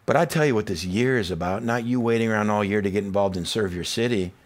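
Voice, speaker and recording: A man preaching a sermon to his church, moving between quiet, low asides and loud, rising passages, and acting out inner voices and quoted speakers. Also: fast talker. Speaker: pastor.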